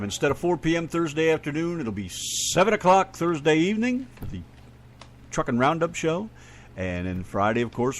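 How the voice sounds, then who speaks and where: A laid-back male radio host with a folksy way of talking. His voice rises and falls a lot as he chats casually with listeners and a co-host. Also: on the high side. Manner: laid-back, folksy, says "man" often.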